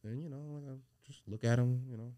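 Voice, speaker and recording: A man co-hosting a podcast, telling a rambling anecdote in a casual, animated way, full of slang and swearing. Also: medium pitch, fast, muffled recording. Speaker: podcast co-host.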